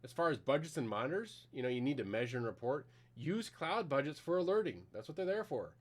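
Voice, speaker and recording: A man's voice: on the high side, lively intonation, quick pace. A middle-aged man giving a conversational technical conference talk with a live demo, explaining plainly with some fillers. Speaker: conference presenter.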